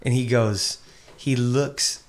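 A man talking casually as a podcast guest, animated and acting out quotes as he tells stories. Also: medium pitch, slow pace. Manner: animated storyteller, acts out quotes.

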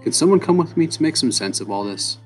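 The female head of a city watch, calm and in charge, telling a crowd to settle, voiced by a man. Her voice sits a bit higher than the narrator's own. Soft guitar plays in the background. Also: fast. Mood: authoritative. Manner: calm, authoritative.

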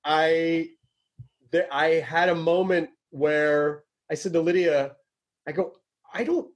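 A man's voice: a little high, takes it slowly. A man from Tennessee, hosting a casual interview, enthusiastic and swearing freely. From Tennessee, United States. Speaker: podcast host.

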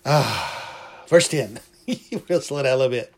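A man's voice: mid-range voice, animated, slow. Fervent male preacher. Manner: repeats phrases for emphasis. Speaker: pastor. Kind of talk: sermon.

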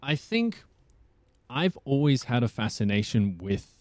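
A man's voice: medium pitch, sing-song, measured pace, darkish tone, no echo. A man who is a voice actor, chatting as a guest in a casual interview, rambling and often restarting his sentences.

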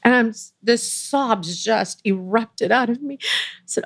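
An older woman, a guest in an interview, telling a personal story with deep emotion and quoting others as she goes. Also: slow pace, vocal fry, dry recording. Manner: earnest, emotional, quotes others in lively voices.

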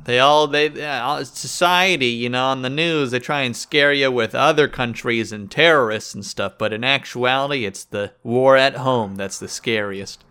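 A man's voice: medium pitch, moderate pace, few pauses, bright, forceful tone, clean tone. A man in casual chat among friends, with dry, matter-of-fact remarks.

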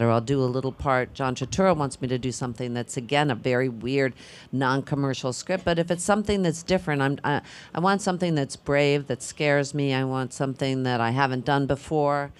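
An older actress speaking casually on a film panel, musing and halting, with frequent restarts and fillers. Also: female voice, rumbling low.

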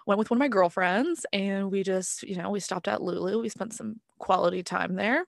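A woman's voice: mid-range voice, moderate pace, vocal fry, no echo, studio quality. Chatty woman retelling a story. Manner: animated storyteller, acts out quoted dialogue. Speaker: podcast co-host. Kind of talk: casual chat. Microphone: podcast mic.

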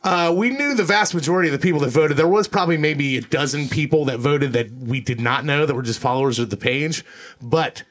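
A man co-hosting a casual podcast chat who is animated, swears freely and loudly acts out quotes. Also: on the high side, a little fast. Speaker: podcast co-host.

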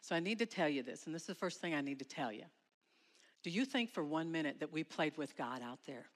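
A middle-aged woman speaking at a school chapel, telling her story to students dramatically and acting out her shouts. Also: low voice, expressive, fairly quick. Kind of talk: emotional testimony to students. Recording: long hall reverb.

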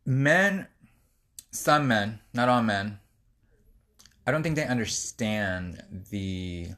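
A man's voice: fairly low pitch, animated, takes it slowly, fairly bright tone. A man co-hosting a podcast, rambling casually with lots of fillers. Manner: rambling, many fillers, laughs easily. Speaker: podcast co-host. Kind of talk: casual chat.

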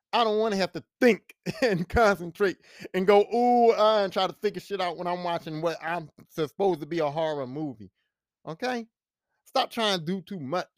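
Male podcast host with a high voice, emphatic and profane in his casual movie rant, recorded dry. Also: no room sound. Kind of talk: casual ranting review.

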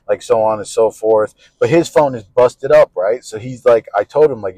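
A young man co-hosting a casual podcast with easygoing, slangy banter. His voice sits at an ordinary middle pitch and is recorded dry and close. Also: normal speed, few pauses, a little mellow, dry recording, poor audio. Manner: laid-back slangy banter. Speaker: podcast co-host. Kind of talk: casual chat.

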